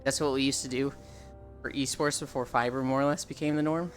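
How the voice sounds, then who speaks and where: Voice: mid-range voice, fairly quick, soft background music. Laid-back young streamer chatting with chat. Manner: relaxed, rambling, swears freely, answers chat. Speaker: livestreamer chatting with viewers. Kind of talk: casual live-stream chat.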